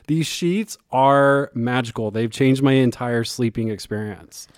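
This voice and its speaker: A man's voice: medium pitch, unhurried, clear, resonant tone, no echo, studio quality. A man co-hosting a podcast, reading ads in a playful, teasing banter. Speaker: podcast co-host. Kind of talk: playful ad read.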